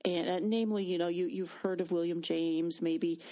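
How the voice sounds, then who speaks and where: An earnest woman speaking about faith in a relaxed talk-show chat. Her voice sits a little low, and she tells stories with plenty of fillers and restarts. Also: moderate pace. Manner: earnest, storytelling, frequent fillers. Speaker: Christian women's ministry speaker.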